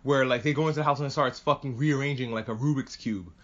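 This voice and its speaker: A man chatting casually and excitedly as a podcast host reviewing an anime, swearing freely and rambling. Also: medium pitch, quick pace. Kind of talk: casual chat. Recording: muffled lo-fi audio.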